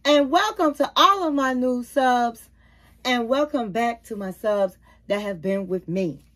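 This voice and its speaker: Chatting with her channel's viewers, whom she calls queens, honey and baby, a woman gives a casual recap of a reality show as a YouTube reviewer. Her voice is on the high side and a bit bright, and she speaks unhurriedly.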